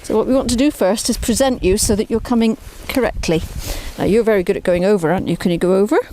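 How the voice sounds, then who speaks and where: A woman's voice: medium pitch, quick pace, dark tone, a little hiss or hum. A woman who trains horses, talking through a session outdoors beside a trailer and coaxing the animal along with upbeat praise. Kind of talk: explaining training while working.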